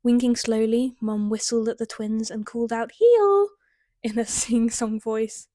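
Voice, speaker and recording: A woman's voice: on the high side, completely flat delivery, normal speed, mellow, no room sound. A young British woman reads her teenage novel aloud, breaking in with wry, self-mocking comments. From Britain. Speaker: author reading her teen writing. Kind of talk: reading aloud with comic commentary.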